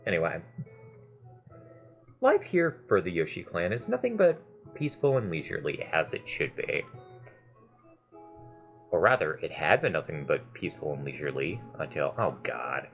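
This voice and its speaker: A man narrates his own gameplay in an excitable, gushing way, dropping casual curses. His pitch swings widely as he reacts. Faint game music plays behind him. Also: highs cut off. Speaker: let's play host. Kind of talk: game commentary.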